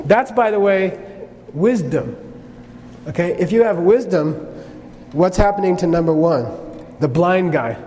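A man's voice: high voice, expressive, unhurried, pauses often, mellow. A man giving a lecture on Buddhist teaching, speaking conversationally and often checking in with "okay?". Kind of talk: lecture on karma. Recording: long reverb, faint noise.

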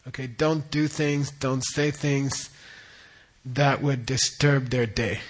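A middle-aged man gives a dharma teaching in a relaxed, explanatory way. He repeats key words and keeps checking that listeners follow. His voice sits at an average pitch for a man. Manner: explains terms slowly, repeats words, asks "okay?". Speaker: Buddhist teacher.

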